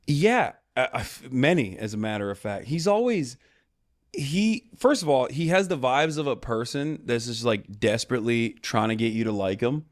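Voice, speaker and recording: A man's voice: medium pitch, animated, moderate pace. A man in casual podcast conversation, blunt and opinionated.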